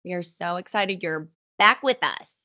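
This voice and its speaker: A woman co-hosting a podcast in casual, excitable chat, her voice a little hoarse from illness, laughing often. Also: on the low side, normal speed, dull audio. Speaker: podcast co-host.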